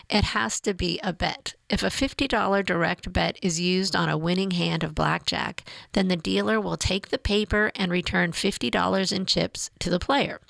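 A woman reading a news feature aloud in a measured, even way. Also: medium pitch, gravelly, dry recording. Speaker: narrator.

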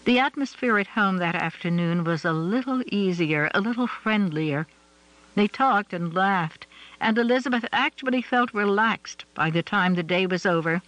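A man reading a novel aloud in a measured, even storytelling manner. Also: high-pitched, dry recording, low-quality recording. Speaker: audiobook narrator. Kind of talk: scripted narration.

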